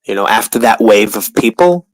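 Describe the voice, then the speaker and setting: A man's voice: lowish voice, animated, moderate pace, no room sound, low-quality recording. A man with a New York accent hosting a livestream, rambling in crude, profane casual chat. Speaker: livestream host.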